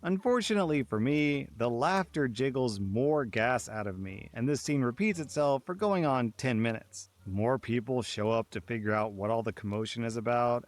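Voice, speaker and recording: A man's voice: mid-range voice, dry recording. Dry-voiced male story narrator. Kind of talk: scripted narration of online stories.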